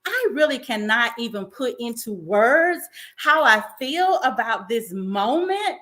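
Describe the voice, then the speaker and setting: A woman's voice: a little high, sing-song, unhurried, bright, forceful tone. A woman hosting a show, talking in an emotional, effusive, faith-filled way to encourage her viewers. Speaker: host. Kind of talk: inspirational talk-show monologue.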